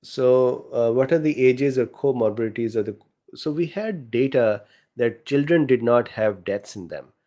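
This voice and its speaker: Middle-aged male host, non-native accent, relaxed mellow delivery, casual live Q&A reading viewer chat. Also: medium pitch, normal speed. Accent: non-native English accent. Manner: reads chat questions aloud, frequent fillers, chuckles. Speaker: host answering viewer questions.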